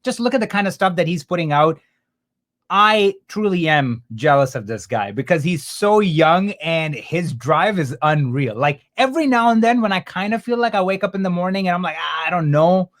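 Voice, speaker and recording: Brief: upbeat male host on a video call, slightly high voice, quick chatty delivery. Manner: fast, animated, lots of "like". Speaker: host and course instructor. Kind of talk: casual livestream chat.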